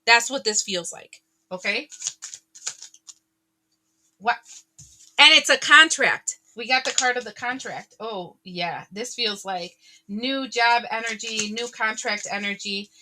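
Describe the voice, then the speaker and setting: Woman tarot reader, fairly high voice, bright and lively, casual chat with viewers. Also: unhurried, a little hiss or hum. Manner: chatty, animated, laughs often, exclaims.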